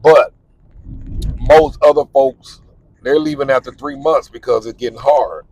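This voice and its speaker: A man's voice: medium pitch, darkish tone, rough recording. Middle-aged man, plain-spoken car vlog, faint noise behind him. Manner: candid, repetitive, plain-spoken. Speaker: vlogger on living abroad. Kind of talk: casual advice monologue while driving.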